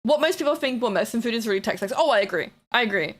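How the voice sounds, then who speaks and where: A woman streamer talks casually to her live chat with a bouncy, sing-song delivery that climbs and dips a lot. She is blunt and playful, swearing freely and teasing her viewers. Her voice sits a little on the high side. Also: racing. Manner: excitable, with bursts of shouting and laughter.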